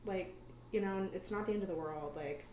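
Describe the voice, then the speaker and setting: A woman's voice: mid-range voice, normal speed, darkish tone, recorded from a distance. A woman in casual chat, telling stories about a friend and quoting her along the way. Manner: storytelling, quotes friends, chatty. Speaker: guest. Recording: roomy echo from a bit off mic, light hiss.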